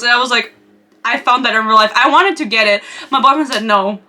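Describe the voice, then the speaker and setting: A woman's voice: on the high side, brisk, pushed and bright. A young woman from Europe hosting a podcast, chatting in a gossipy, rambling way full of asides. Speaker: podcast host. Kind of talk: casual chat.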